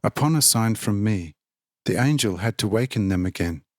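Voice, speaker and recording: A man narrating a religious text in a steady, formal audiobook reading. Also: lowish voice, normal speed, no room sound, studio quality.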